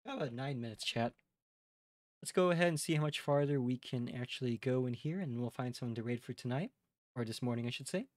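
A man's voice: mid-range voice, quick pace, dry recording, studio quality. A man with a Midwestern accent, chatting casually and rambling a little as a live streamer talking to his chat. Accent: Midwestern American. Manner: relaxed, rambling, addresses chat directly.

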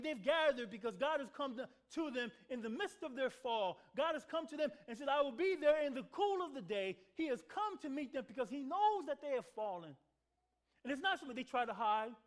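High, lively-voiced preaching pastor. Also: male voice. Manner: call-and-response with the congregation, repeats words for emphasis. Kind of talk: sermon. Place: church sanctuary.

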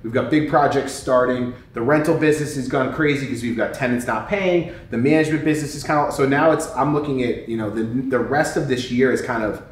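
A man co-hosting a casual interview, talking in a brisk, rambling way. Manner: brisk, rambling, lots of fillers. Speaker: co-host. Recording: distant echoey room with faint rumble.

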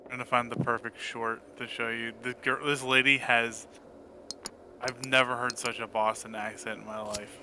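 A young man chats casually and with amusement as he retells a funny video. His pitch is ordinary, and there is clear noise behind him. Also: flat delivery, normal speed. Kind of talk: casual chat.

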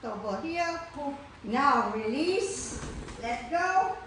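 A woman fitness instructor leading a core workout, counting breaths and cheering with loud whoops. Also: sits high, expressive, very slow, far from the mic, slight background noise. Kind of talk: guided core workout class. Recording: echoey room, voice from off-mic.

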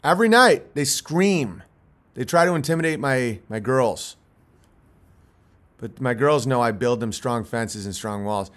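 Out on his farm after dark, a livestream host rambles profanely, laughing a lot and playing up mock fright for jokes. He speaks a little slowly in an expressive, somewhat bright mid-range voice.

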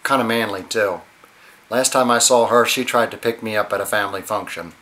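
A man's voice: on the low side, a little fast, bright, forceful tone. A man in his forties, a comedian hosting his own show, talking casually and wryly to the camera. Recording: echoey room.

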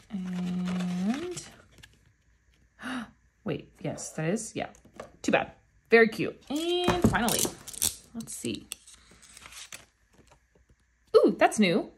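A woman's voice: medium pitch, a little hiss or hum. Gushing woman unboxing albums. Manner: gushing, with frequent excited gasps. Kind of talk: casual unboxing chat.

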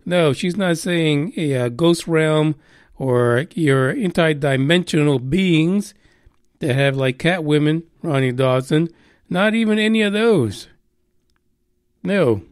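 A man's voice: fairly high pitch, slow pace, no room sound, clean studio sound. A man hosting a podcast, chatting casually and irreverently through the news with lots of swearing and rambling asides. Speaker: podcast host.

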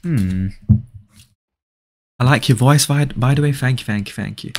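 Teasing young man streaming a game. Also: mid-range voice. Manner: reads viewer comments aloud and answers them with playful teasing; repeats short phrases in quick bursts. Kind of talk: casual live-stream chat.

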